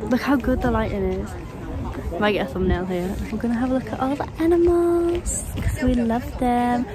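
A woman's voice: a little high, moderate pace, a crowd in the background. A young woman in her twenties, chatting bubbly and giggly to a handheld camera as she vlogs her trip outdoors. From North East England. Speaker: vlogger. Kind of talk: casual vlog to camera. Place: outdoors at a zoo and in the city.

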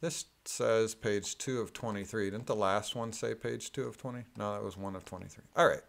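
A man reading court filings aloud in a methodical, deliberate way, adding plain spoken asides. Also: lowish voice, vocal fry, fairly bright tone.

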